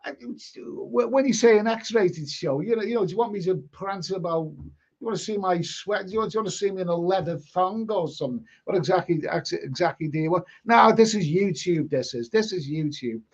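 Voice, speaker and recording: This livestream host's voice sits high, sounding animated, a little fast, and breathy at the edges. He reads chat comments and rambles through stories peppered with blunt, mildly sweary remarks, all in dull lo-fi audio.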